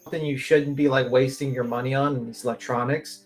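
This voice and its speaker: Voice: medium pitch, fairly even intonation, fast talker, faint music behind. A speaker in a played clip, chatting casually and asking incredulous questions.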